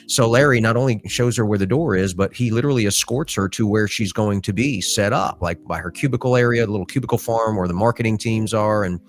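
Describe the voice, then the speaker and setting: A middle-aged man co-hosting a podcast, telling stories in a casual, rambling way with lots of fillers. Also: lowish voice. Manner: rambling storyteller with many fillers. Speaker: podcast co-host.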